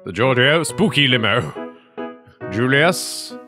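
A man's voice: mid-range voice, expressive, takes it slowly, over music. An English man hosting a let's play, commentating on gameplay in an exasperated, joking way with plenty of swearing.

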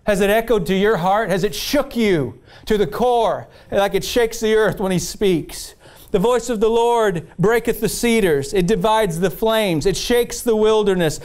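High-pitched man preaching with fervor. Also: expressive, unhurried, a little mellow. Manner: impassioned preaching with repeated phrases and scripture readings. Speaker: pastor. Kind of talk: sermon.

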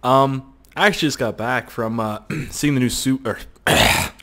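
A man hosting casual video game commentary, rambling, swearing and excitable. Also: mid-range voice, moderate pace. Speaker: host.

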